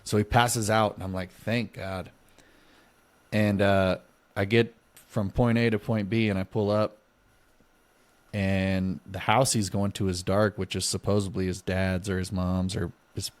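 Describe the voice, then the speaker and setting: On a dry recording, a low-voiced man co-hosting a podcast tells a casual story at a moderate pace. Animated throughout, he plays out the dialogue from both sides.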